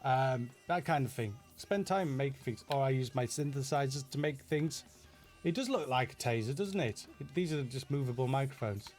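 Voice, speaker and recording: A man's voice: mid-range voice, animated, normal speed, darkish tone, faint music behind. A middle-aged man from Yorkshire with a Yorkshire accent, casually answering viewer questions in a live Q&A, chatty and self-deprecating with lots of fillers and restarts. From Yorkshire, England.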